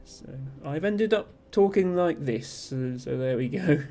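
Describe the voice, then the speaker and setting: A man's voice: a little high, lively intonation, a little slow, dark tone. A man with a generic Southern English accent chatting casually as a streamer, rambling and self-deprecating, reading out viewer messages. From Somerset, southwest England.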